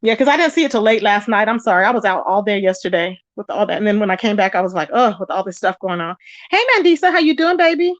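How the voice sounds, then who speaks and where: A woman hosting a casual gossip livestream, chatty and animated, greeting viewers in the chat by name. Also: fast, hardly any pauses, no room sound. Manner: animated, pitch jumps up when excited. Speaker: live-stream gossip host. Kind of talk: casual live-stream chat. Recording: dull lo-fi sound, dry.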